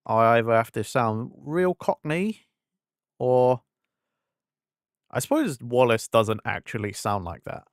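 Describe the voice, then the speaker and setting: A man's voice: mid-range voice, animated, a little slow, long pauses, dry recording, studio quality. A man from England with an English accent, chatting casually on a game stream and acting out conversations as he rambles on. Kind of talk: casual live-stream chat.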